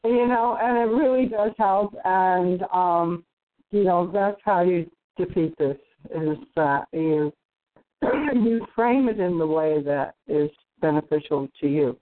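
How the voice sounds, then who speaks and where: A woman speaks on a call-in show in an earnest, thoughtful way, pausing often with small fillers. Her voice sits on the low side and comes through a narrow, tinny phone line. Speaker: call participant. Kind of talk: casual call-in chat.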